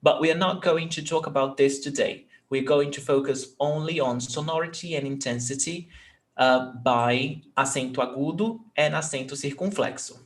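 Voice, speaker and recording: A man's voice: fairly high pitch, normal speed. A man, teaching an online language lesson patiently, repeating words and checking in with "ok?". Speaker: Portuguese teacher.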